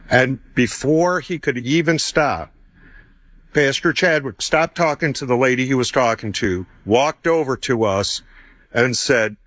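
A man's voice: medium pitch, a little slow, fairly bright tone, no echo. A man in his fifties telling a personal faith testimony, conversational and chuckling as he acts out what people said.

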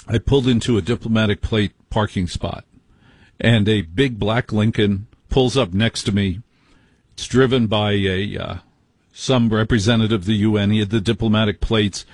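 Male late-night radio host, husky voice, blunt and indignant, dry close sound. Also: lowish voice, no echo. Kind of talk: call-in radio talk.

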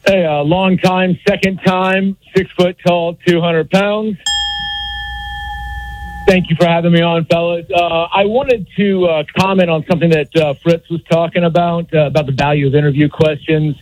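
A man's voice: fairly high pitch, steady tone, moderate pace, a little mellow, dry recording, poor audio. A man calling into a radio show, chatty and full of hesitations. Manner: chatty, filler-heavy, hesitant. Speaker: caller. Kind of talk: call-in radio comment. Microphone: phone call.

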